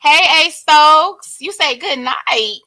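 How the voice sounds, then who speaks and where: Bright high-voiced woman live-streaming. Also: no room sound, poor audio. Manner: greets chat viewers by name, drawn-out greetings. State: sniffling. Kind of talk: casual live-stream chat. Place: home bedroom.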